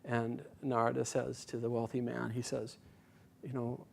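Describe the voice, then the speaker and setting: A man giving a sermon, telling a spiritual parable in a gentle storytelling manner, his phrase endings trailing off softly. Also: mid-range voice, monotone, normal speed, gravelly. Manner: voices the characters in dialogue. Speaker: speaker at a spiritual community.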